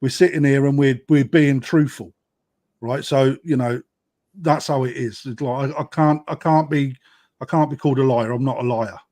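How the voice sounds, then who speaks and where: A man's voice: medium pitch, fairly even intonation, normal speed, a little mellow. A man, a koi dealer, talking bluntly on a live-stream chat and tagging points with "right?". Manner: blunt, emphatic, keeps adding "right?".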